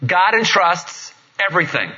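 A man's voice: sits high, sing-song, unhurried, sharp tone. A middle-aged man, a pastor preaching a sermon in a conversational, jokey storytelling manner. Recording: dull lo-fi recording.

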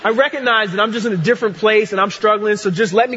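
A man's voice: high-pitched, quick pace, bright, forceful tone, lo-fi sound, a little hiss or hum. Earnest male preacher in a big hall. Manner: earnest, repeats key phrases for emphasis. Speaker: pastor. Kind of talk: sermon.

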